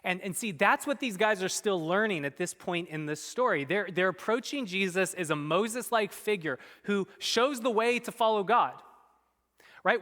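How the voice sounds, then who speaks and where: A man preaching a sermon as pastor, animated and emphatic, at times dropping to soft, quiet tones. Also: sits high, moderate pace. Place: church sanctuary. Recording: long reverb in a church hall.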